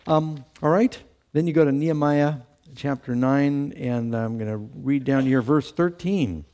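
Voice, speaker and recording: Mellow-voiced man teaching a Bible class. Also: medium pitch, a little slow. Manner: asks the class questions and answers them himself; reads scripture aloud with lifted emphasis. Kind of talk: Bible study lesson to a class.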